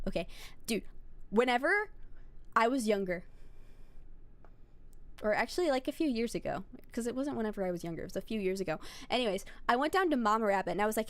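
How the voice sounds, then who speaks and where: A woman's voice: on the high side, animated, quick pace, no echo. Young woman streamer, rambling and profane. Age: young adult. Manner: rambling, profane, talks straight to chat. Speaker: VTuber streamer. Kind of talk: casual livestream chat.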